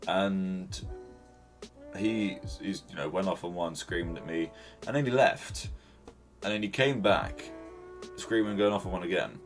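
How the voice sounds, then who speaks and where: Deep-voiced sweary man. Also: unhurried, long pauses, soft background music. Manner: rambling, sweary, self-interrupting. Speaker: podcast host. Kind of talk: casual storytelling monologue. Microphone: solo recording at home to camera.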